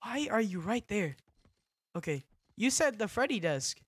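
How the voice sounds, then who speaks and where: A young man streaming a horror game, jumpy and excitable, who repeats himself in slangy bursts and drops to a whisper when tense. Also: high voice, unhurried, slightly rough, no room sound. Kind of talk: live gaming commentary.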